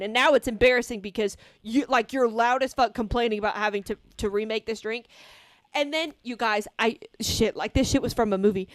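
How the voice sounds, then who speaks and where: High-voiced young woman ranting a storytime. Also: fairly quick, no room sound. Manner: rambling, swears a lot, lots of "like". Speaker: vlogger. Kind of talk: casual storytime while gaming.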